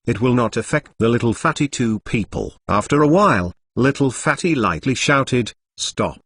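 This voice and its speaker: A man's voice: mid-range voice, animated, moderate pace, fairly bright tone, slightly rough. A man's synthetic text-to-speech voice reading a novel as scripted narration.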